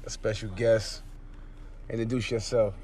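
A man's voice: fairly low pitch, flat delivery, a little slow, a little mellow. A man hosting a casual interview, joking around in loose banter with lots of repeated words. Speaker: host.

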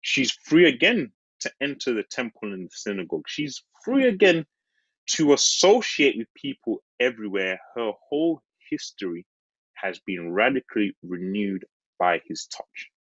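A man delivers a sermon with a husky, slightly breathy tone and a lively, swinging pitch. He leans earnestly into his points, slowing down on key phrases. The recording is dry and a little dull. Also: no echo. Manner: earnest, slows on key phrases, laughs and jumps high acting out the disciples. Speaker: preacher.

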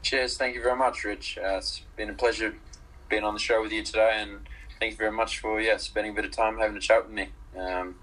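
A young man from Zimbabwe talks rugby as an interview guest, relaxed and full of ums and little laughs. His voice sits a bit low, husky yet bright and forward. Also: quick pace, rough recording. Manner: relaxed, hesitant with many ums, laughs easily. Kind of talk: casual interview chat. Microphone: call.

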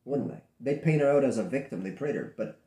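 A man producing adult films, speaking bluntly and profanely in a candid interview, telling animated stories from his own studio. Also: mid-range voice, a little fast. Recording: roomy echo.

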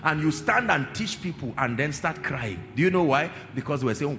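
Emphatic preacher in a reverberant hall. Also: male voice, a little high, animated, noisy background. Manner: emphatic, drawn-out repetitions, asks the congregation questions. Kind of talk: sermon. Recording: reverberant hall with faint music.

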